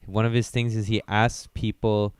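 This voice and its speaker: A stand-up comedian co-hosting a casual podcast, telling stories in a laid-back, rambling way. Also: male voice, fairly low pitch, little pitch movement, moderate pace, clear, resonant tone, dry recording, studio quality.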